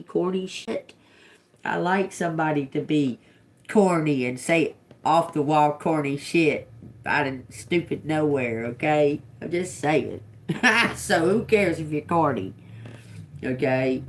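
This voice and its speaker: With a low voice and a bit of background noise, a woman streams a tarot reading live. She pronounces lone words while pondering them, then laughs her way through casual, profanity-laced tangents.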